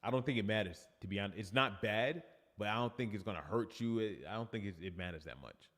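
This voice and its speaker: A man's voice: fairly low pitch, fast, a bit bright, in a large hall. A man with a New York accent, a fitness coach chatting casually on a livestream and reading viewer comments aloud.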